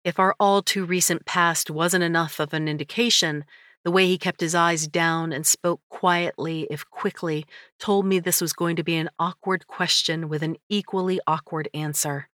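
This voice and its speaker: A woman narrating a first-person audiobook in a measured, introspective way. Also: on the low side, fairly even intonation, a bit bright, no echo, clean studio sound.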